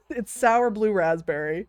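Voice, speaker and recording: A woman's voice: mid-range voice, expressive, slow, darkish tone, clear, resonant tone, no echo. A woman, chatting casually with her stream viewers, laughing often, swearing freely and cooing over cute things.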